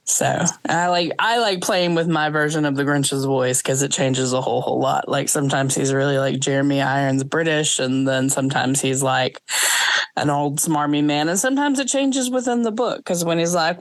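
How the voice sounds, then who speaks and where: Female podcast co-host, rambling casual chatter, lower voice, dry close sound. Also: lively intonation, moderate pace, no room sound. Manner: rambling, full of "like" and restarts. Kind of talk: casual chat.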